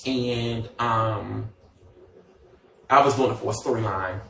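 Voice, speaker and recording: A man's voice: lowish voice, steady tone, measured pace, gravelly, pauses often, a bit bright, roomy sound, recorded from a distance, a little hiss or hum. A man chatting casually on a livestream, sassy and gossipy, with many fillers and asides.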